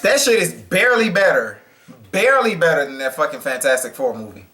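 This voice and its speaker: A man co-hosting a casual movie review, arguing emphatically and swearing often. His voice is bright and forceful and sits a little high for a man. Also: sing-song, brisk, roomy sound. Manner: emphatic, profane, defends the movie. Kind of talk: casual chat.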